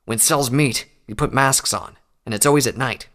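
A man's voice: mid-range voice, moderate pace, a bit bright, lightly acted. A man voicing a defiant, captured male pony saboteur under interrogation. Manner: defiant, strained. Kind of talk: audiobook character voice.

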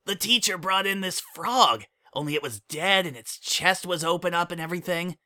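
A man reading a story aloud and voicing a cheerful, giggly young colt boy in an excited, squealing way. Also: high-pitched, normal speed, pitched above the performer's own voice.

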